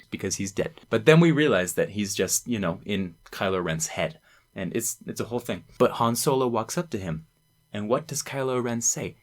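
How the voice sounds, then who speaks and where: A young man, a student presenter, talking casually and enthusiastically to camera, rambling and acting out quoted lines. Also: medium pitch. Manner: enthusiastic, rambling, quoting lines in acted voices.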